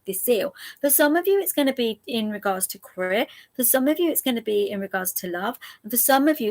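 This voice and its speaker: A woman hosting a live angel card reading, chatty and laughing often as she speaks straight to her viewers. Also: fairly high pitch. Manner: repeats options slowly and gently.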